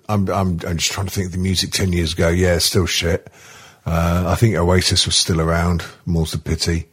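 A man co-hosting a comedy podcast, talking in a halting way with lots of ums, restarts and swearing. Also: on the low side, slightly rough. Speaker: podcast co-host. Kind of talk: casual comedy chat.

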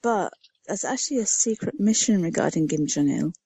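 A woman's voice: lowish voice, animated, a little fast, creaky, dark tone, husky, no echo. Playful young-sounding woman, dry close mic. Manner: playful, demanding attention. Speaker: podcast guest. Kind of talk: casual chat.

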